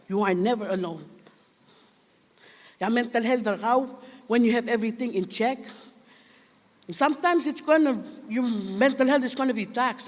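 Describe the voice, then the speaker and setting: A woman's voice: on the high side, in a large hall. A woman with a Palauan accent giving an earnest speech to graduates, asking the crowd questions and mixing English with Palauan. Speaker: commencement speaker.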